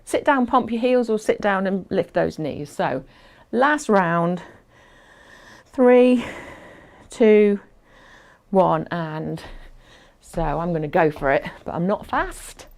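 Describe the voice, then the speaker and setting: Lady doing a chatty exercise class, slow and encouraging, bit puffed out. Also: medium pitch, lively intonation, vocal fry. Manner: encouraging, chatty, counts down aloud. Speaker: fitness instructor.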